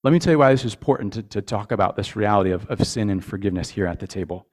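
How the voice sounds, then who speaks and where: A man's voice: on the low side, expressive, racing. Male pastor, earnest sermon delivery, conversational, repeats words, checks in with the congregation.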